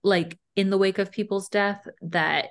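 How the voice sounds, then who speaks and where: A woman's voice: medium pitch, fairly even intonation, unhurried. Candid young woman, casual chat. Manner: candid, emphatic storytelling. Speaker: podcast co-host.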